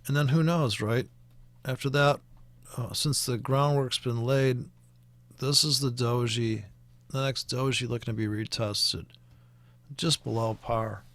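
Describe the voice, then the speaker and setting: A man's voice: mid-range voice, fairly even intonation, unhurried, fairly bright tone. A man with a Canadian accent talking through currency charts in a casual, rambling way, with many fillers and restarts. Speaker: forex trading commentator. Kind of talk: casual screen-share chart walkthrough.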